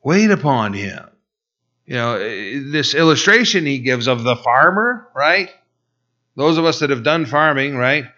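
A middle-aged man preaching in a casual, storytelling way, animated and acting out what people said, with many restarts. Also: medium pitch, unhurried. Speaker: pastor. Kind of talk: conversational sermon with personal story. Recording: dull, slightly lo-fi sound.

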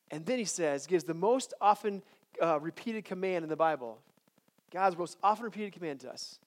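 A man's voice: sits high, big pitch swings, moderate pace. A man giving a chapel sermon, talking conversationally with frequent restarts and then building to emphatic declarations. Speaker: chapel speaker.

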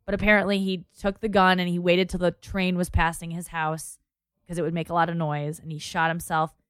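Young woman chatting, tells her story and quotes everyone, lowish voice. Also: flat delivery, brisk, fairly bright tone, smooth, dry recording, clean studio sound. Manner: storytelling, quoting people in her tale. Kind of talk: casual chat.

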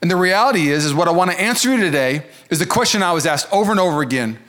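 Fast-talking pastor preaching. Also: male voice, high-pitched. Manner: energetic, joking, conversational preaching. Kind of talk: sermon. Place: church service before a congregation.

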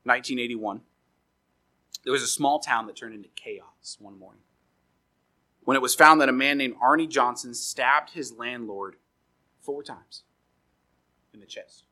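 Bright, husky-voiced male preacher. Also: medium pitch, poor audio. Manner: animated, acts out quoted voices. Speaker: pastor. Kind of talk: sermon.

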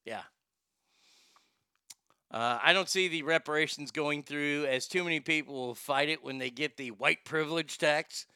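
A man's voice: a little high, measured pace, sharp tone, clean tone, no room sound, studio quality. A man hosting a livestream in a rambling, blunt, opinionated way while reading out chat comments. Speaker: show host.

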